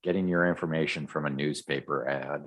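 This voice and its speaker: A podcast co-host rambles casually through a comic recap, full of ums and restarts, into a podcast microphone. His voice is very deep, with fairly even intonation, and he talks a little fast.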